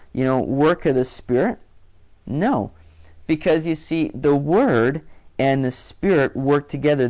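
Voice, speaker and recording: Man preaching a casual sermon, lo-fi. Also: mid-range voice. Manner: conversational preaching with frequent restarts and fillers. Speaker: pastor. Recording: dull lo-fi sound.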